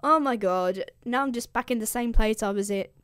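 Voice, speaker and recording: A woman's voice: on the high side, moderate pace, a bit bright, clear, resonant tone, no echo, close to an everyday voice. A woman voicing a wary, scheming male Greek hero who talks in casual modern slang, close to her own voice.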